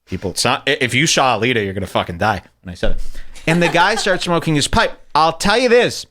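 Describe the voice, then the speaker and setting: A man with a slightly high voice talks fast as he hosts a comedic commentary on a video. He rants, swears, and mocks what he's watching in an animated, profane way.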